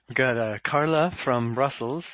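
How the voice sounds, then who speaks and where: A man co-hosting who reads out listener questions in an easy, amused way, over a tinny line. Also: mid-range voice. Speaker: co-host reading listener questions. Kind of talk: casual chat. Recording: tinny phone-like line, dry.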